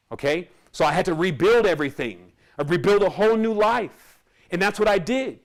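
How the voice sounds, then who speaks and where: A man who teaches spirituality, telling his own story in a casual, rambling monologue and laughing often. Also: high-pitched.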